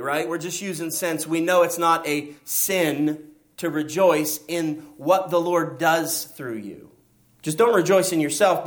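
A man preaching a sermon as pastor, emphatic and asking his listeners rhetorical questions. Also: fairly high pitch.

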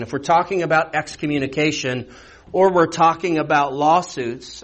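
A man preaching a verse-by-verse sermon in a conversational teaching manner, posing rhetorical questions. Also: on the high side. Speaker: pastor. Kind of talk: expository sermon.

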